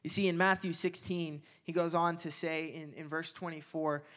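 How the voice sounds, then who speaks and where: Young man, high voice, casual youth sermon, energetic, jokey asides, repeats himself. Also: normal speed. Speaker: youth pastor.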